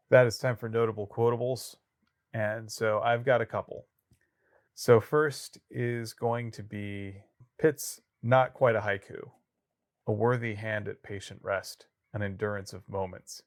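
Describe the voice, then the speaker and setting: A man co-hosting a podcast, talking through a novel in an easygoing way with joking asides. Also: lowish voice. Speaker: podcast co-host. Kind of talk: casual book discussion.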